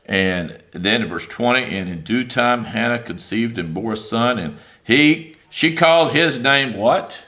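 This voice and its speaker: A man preaching a sermon in a conversational, animated way, with many fillers, reading scripture aloud and paraphrasing it. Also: medium pitch, measured pace, hardly any pauses.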